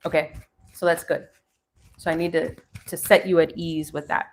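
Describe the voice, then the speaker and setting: A woman's voice: low-pitched, flat delivery, moderate pace, slight background noise. A woman in her forties doing a live tarot reading, musing aloud as she turns the cards and talks to viewers. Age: 40s. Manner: musing, thinking aloud between card pulls. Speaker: tarot reader.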